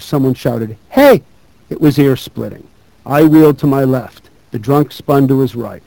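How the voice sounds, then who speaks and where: A man giving a talk who reads a true story aloud in a measured, thoughtful way. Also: mid-range voice, dark tone, no room sound, low-quality recording. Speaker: speaker.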